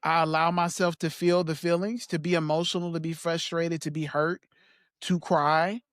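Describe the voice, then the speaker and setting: A man as a podcast guest, talking in a soft, halting way with small laughs as he reflects on personal memories. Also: a little high, level tone, clear, resonant tone, no echo, clean studio sound.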